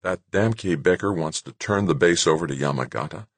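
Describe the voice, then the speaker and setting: A man's voice: deep voice, brisk, no room sound. A man voicing a blunt, skeptical woman in a spacesuit in an audiobook.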